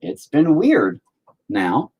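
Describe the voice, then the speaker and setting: A blunt, rambling man talks through a casual monologue, swearing as he goes. His voice is a little husky, and his pitch rises and falls a lot. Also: wildly swooping pitch, very slow, phone-quality sound. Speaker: podcast host.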